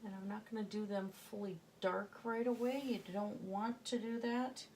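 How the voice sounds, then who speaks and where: Gravelly woman with slight Southern twang. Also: mid-range voice, fairly even intonation, normal speed, noisy background. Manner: chatty, thinks aloud while working, drops to murmurs. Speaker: painting instructor. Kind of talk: casual painting tutorial.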